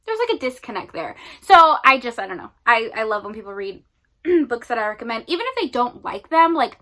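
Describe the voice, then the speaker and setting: Bright-voiced young woman chatting casually. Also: a little high, big pitch swings, a little fast. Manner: rambling, filler-heavy, 'like' often; emotional, near tears at times. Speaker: book vlogger. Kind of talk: casual vlog chat.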